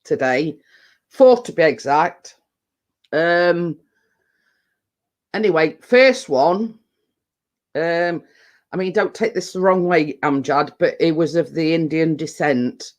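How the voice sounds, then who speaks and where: A woman's voice: low voice, slow pace, pauses often. A middle-aged woman, chatting casually on her vlog in a rambling storytelling way, full of fillers and restarts. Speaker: vlogger. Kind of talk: casual chat.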